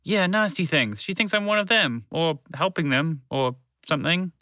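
A man's voice: on the high side, normal speed, sharp tone, no room sound, clean studio sound, voice pushed up. A man voicing a nervous, fretful female spaceship in a storybook. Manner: jittery, fretful.

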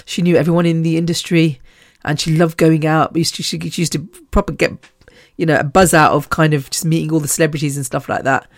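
A woman's voice: deep voice, flat delivery, fast, no echo, clean studio sound. A woman in her fifties hosting a podcast, talking in a rambling, chatty way, swearing freely and laughing between sentences. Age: 50s. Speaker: podcast host. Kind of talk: casual podcast monologue.

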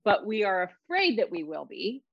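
A woman's voice: medium pitch, very animated, normal speed, gravelly, no echo. Emphatic middle-aged woman, dull dry sound. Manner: emphatic, reflective, repeats words. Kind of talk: casual conversation.

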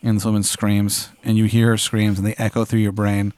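A man's voice: lowish voice, monotone, fairly quick, darkish tone, no room sound. Young man spinning a comic tale. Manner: vivid, playful, dramatic narration with hesitant fillers. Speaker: co-host. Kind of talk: improvised comedic storytelling.

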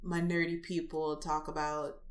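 A chatty woman talking casually about conventions. Her voice sits a little low and carries a lively, animated delivery full of fillers. The room around her is echoey. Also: a little slow.

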